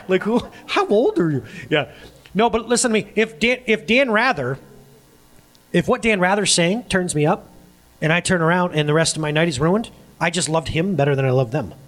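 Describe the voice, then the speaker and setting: A middle-aged man preaching a sermon as a pastor. He talks in an animated way, laughs often and acts out the voices of people he quotes. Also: high-pitched.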